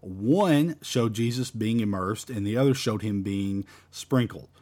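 A man's voice: lowish voice, unhurried, mellow. A man teaching a verse-by-verse Bible study in an emphatic, repetitive, conversational way.

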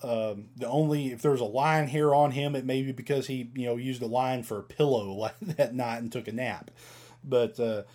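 A man's voice: mid-range voice, dark tone. A man teaching a Bible passage in a casual, conversational way, reading verses and stumbling over archaic words.

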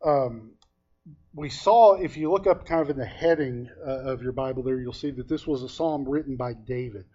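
A man's voice: mid-range voice, warm tone. A man preaching a conversational sermon, telling stories in a folksy way with frequent hesitations. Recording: dull lo-fi recording.

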